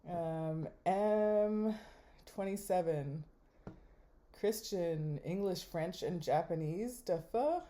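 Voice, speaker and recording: Wry, slow-talking young woman. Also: on the low side. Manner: wry, deadpan running commentary. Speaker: vlogger. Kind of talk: casual chat while swiping a dating app.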